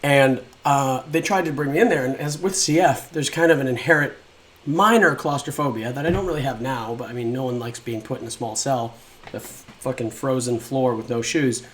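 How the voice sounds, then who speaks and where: A man's voice: mid-range voice, a little fast, fairly bright tone. A young man casually telling his own life story, rambling and frank, swearing often and acting out what people said.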